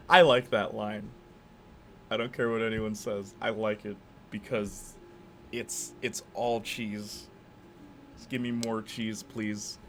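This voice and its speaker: Male streamer, casual rambling chat with a bright, sharp tone. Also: lowish voice, fairly even intonation, takes it slowly, long pauses. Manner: rambling, jokey, acts out silly dialogue.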